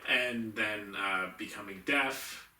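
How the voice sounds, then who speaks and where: Easygoing bright-voiced man, distant mic. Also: lowish voice, slow. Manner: easygoing, laughs at himself, repeats words. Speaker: movie review co-host. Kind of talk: casual film chat. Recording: echoey room, mic set back.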